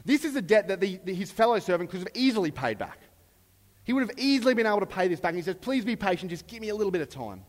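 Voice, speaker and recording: A man preaching a sermon in a relaxed, conversational way, briefly acting out the lines of the people in the story. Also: high-pitched, rapid-fire, in a large hall. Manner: conversational, acts out characters' lines. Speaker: pastor.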